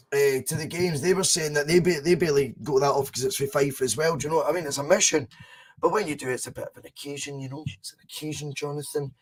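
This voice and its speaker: An animated Scottish man hosting a podcast, telling stories and slipping into voices as he goes. His voice sits a touch higher than most men's, and his pitch swings widely as he talks. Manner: animated storyteller, acts out voices in anecdotes. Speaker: podcast host. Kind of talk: casual podcast chat.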